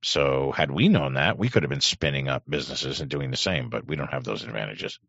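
A man's voice: extremely low pitch, animated, fairly quick, creaky, a bit bright, dry recording, muffled recording. A middle-aged man hosting a livestream, reading chat aloud in a sardonic, rambling way with many fillers. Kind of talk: casual livestream commentary.

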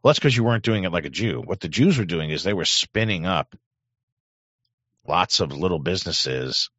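A man's voice: deep voice, animated, moderate pace, fairly bright tone, breathy edge, dry recording, dull audio. A middle-aged man hosting a livestream, reading chat aloud in a sardonic, rambling way with many fillers. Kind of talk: casual livestream commentary.

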